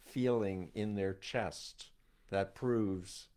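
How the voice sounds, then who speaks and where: Low-voiced older man telling a story. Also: extremely slow, clear, resonant tone. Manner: animated storytelling, acts out quoted voices. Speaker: host, cult expert. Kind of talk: conversational interview.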